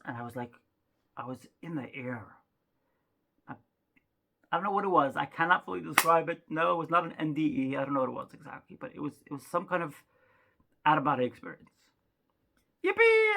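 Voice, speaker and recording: A woman's voice: sits low, gravelly, a bit bright, slightly rough. A woman doing rambling, self-mocking stand-up storytelling, chatty with frequent asides. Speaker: stand-up comedian.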